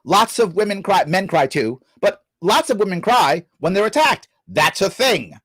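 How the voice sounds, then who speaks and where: A middle-aged man hosts a live reaction stream, scolding and sarcastic as he argues with a clip. His pitch swings widely from low grumbles to sharp high jabs. The sound is close and dry. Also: normal speed, slightly rough, dry recording. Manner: animated, scolding, sarcastic, swearing. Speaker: show host reacting to a clip. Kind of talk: heated live-stream commentary.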